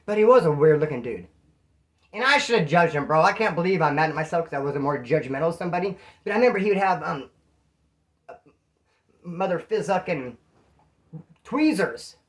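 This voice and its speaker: A man from Bakersfield, California, telling a prison story in casual, animated street slang. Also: a little high, fairly quick, long pauses.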